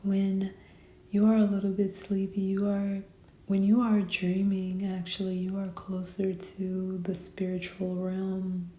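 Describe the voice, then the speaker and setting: A tired woman giving a spiritual tarot reading, talking sleepily and softly, often half whispering. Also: medium pitch, completely flat delivery, reverberant. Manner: sleepy, slow and soft-spoken, often whispering. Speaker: tarot reader.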